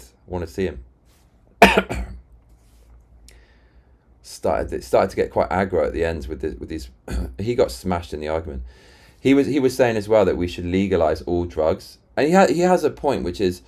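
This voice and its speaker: Deep-voiced man rambling on a live stream. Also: darkish tone. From Britain. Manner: rambling, restarts often, retells arguments. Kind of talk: casual rambling chat. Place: London.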